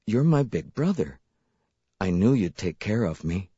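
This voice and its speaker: A man voicing a soft trusting little girl. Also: lowish voice, very animated, measured pace, slightly rough, no echo, full character voice. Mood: tender. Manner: sleepy, wondering, soft-spoken. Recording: slightly dull dry recording.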